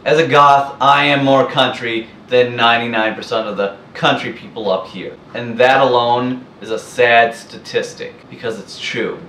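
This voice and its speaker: A man delivers a blunt, scornful and profane rant straight to his viewers, at a mid-range pitch. His voice reaches the mic from a few steps away and rings around an echoey room. A faint hiss sits under the whole recording. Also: fairly even intonation, normal speed, hardly any pauses, bright, forceful tone, distant mic. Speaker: vlogger. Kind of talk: ranting monologue to camera.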